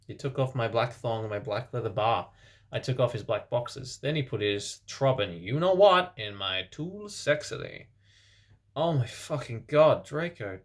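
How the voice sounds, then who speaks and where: Male reader of fan fiction for laughs: deadpan delivery, dry sarcastic asides, middle pitch. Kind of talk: comedic dramatic reading.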